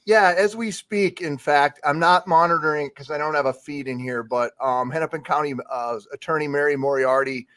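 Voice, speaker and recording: A man with a somewhat high voice reads the news on a talk radio show. He banters in an easygoing, wry way and pokes fun at himself. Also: moderate pace, hardly any pauses, a bit bright. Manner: easygoing, wry, self-deprecating.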